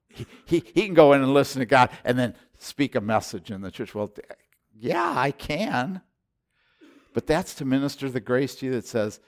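A man in his sixties preaching a sermon as pastor, impassioned and swinging between loud exhortation and hushed intensity. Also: mid-range voice, measured pace.

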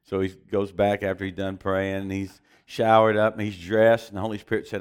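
A preacher telling a story in a sermon, animated and often chuckling as he goes. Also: on the low side, a little fast, smooth.

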